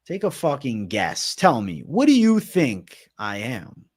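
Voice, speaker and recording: A young man running a casual MMA livestream Q&A, with a voice at an everyday mid male pitch. He swears often and drops slang like bro and dog, and he answers chat in a loose, offhand way. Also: wildly swooping pitch, a little slow, darkish tone, slightly rough. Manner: profane, slangy, calls viewers bro.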